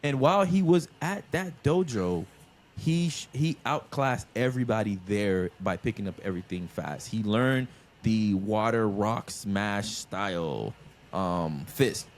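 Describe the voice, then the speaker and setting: A man's voice: fairly low pitch, expressive, measured pace. Laid-back man explaining at length. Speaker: podcast co-host. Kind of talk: casual podcast debate.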